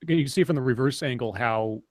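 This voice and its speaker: A man's voice: medium pitch, a little fast, dry recording, studio quality. A man hosting a casual online talk show, chatting, laughing often and reading news headlines aloud. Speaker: show host. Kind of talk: casual podcast chat.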